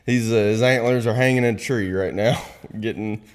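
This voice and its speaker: A man's voice: on the low side, steady tone, moderate pace, big-room sound. A young man, telling a hunting story as a podcast guest, swearing freely and dropping into whispered asides. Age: young adult. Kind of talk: casual storytelling.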